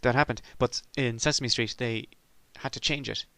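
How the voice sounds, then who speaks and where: A man's voice: mid-range voice, steady tone, normal speed, pushed and bright, no room sound. A middle-aged man from Ireland delivering a sardonic, rambling comic monologue as a podcast host.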